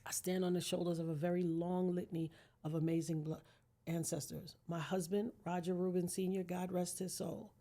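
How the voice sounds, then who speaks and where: A woman's voice: on the low side, flat delivery, moderate pace, warm tone. A middle-aged woman, a podcast guest, talking earnestly and emphatically about her life, with a preacher-like manner. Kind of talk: heartfelt personal conversation.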